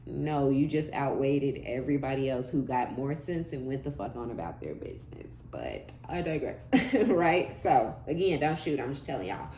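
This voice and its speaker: Low-voiced blunt woman reading tarot. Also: lively intonation, moderate pace, mellow. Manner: blunt, profane, laughing asides, slangy. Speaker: tarot reader. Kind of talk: casual tarot reading monologue. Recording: echoey room with faint background hum.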